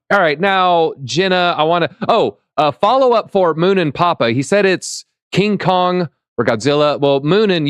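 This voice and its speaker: A man hosting a live crypto talk show, upbeat and reading out chat shout-outs. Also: fairly high pitch, clear, resonant tone, dry recording. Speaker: show host.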